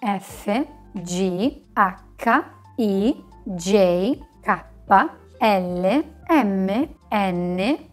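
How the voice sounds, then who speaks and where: A woman teaching a language lesson in scripted narration, slowly spelling out letters and words with care. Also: medium pitch, expressive, soft background music. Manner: slow, careful spelling out of letters.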